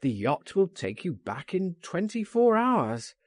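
Man playing an eager, persuasive gentleman. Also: high-pitched, unhurried, no room sound, studio quality, voice pushed up, exaggerated voice. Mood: insistent. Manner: insistent, coaxing, lively. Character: eager, persuasive gentleman urging a friend to flee. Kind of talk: audiobook reading.

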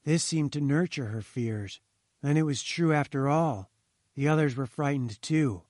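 A man reading a story aloud, measured and slowing at grim moments. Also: fairly high pitch, a little mellow, no echo, clean studio sound. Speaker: narrator. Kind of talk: scripted narration of a story.

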